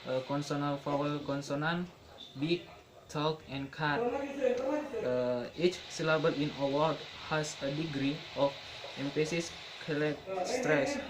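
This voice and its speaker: A young man giving a classroom pronunciation lesson, halting and restarting, repeating each example word slowly. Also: fairly high pitch, fairly even intonation, a crowd in the background, poor audio. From Indonesia. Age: young adult. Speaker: student presenter.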